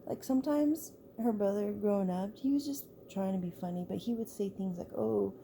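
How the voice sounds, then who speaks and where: A woman's voice: mid-range voice, a little fast, warm tone, slight background noise. A woman telling a story in a loose, chatty way, full of "like" and restarts. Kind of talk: casual spoken storytelling.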